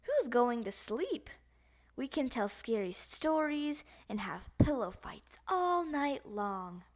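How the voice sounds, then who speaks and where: A bold young boy from a children's storybook, voiced by a woman reader, bossy and matter-of-fact with a teasing edge. He talks slowly, with lively pitch jumps. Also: heavily acted.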